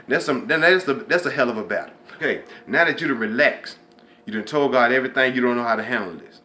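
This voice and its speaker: A man hosting his own show, giving a conversational, preachy faith and motivation talk, dropping to a low hush when voicing inner thoughts. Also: quick pace, slight background noise. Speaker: host.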